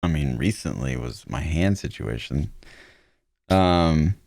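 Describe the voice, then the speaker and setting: A man's voice: extremely low pitch, animated, takes it slowly, creaky, a little mellow, no echo, clean studio sound. A man in his thirties co-hosting a podcast, telling loose stories in casual chat and swearing freely. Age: 30s. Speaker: podcast co-host.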